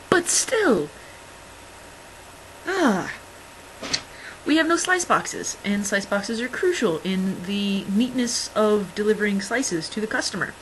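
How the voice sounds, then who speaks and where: A woman's voice: on the high side, fairly bright tone, a little hiss or hum, poor audio. A young woman vlogging in casual chat, rambling through stories with lots of fillers and wry, exasperated asides. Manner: rambling, filler-heavy storytelling.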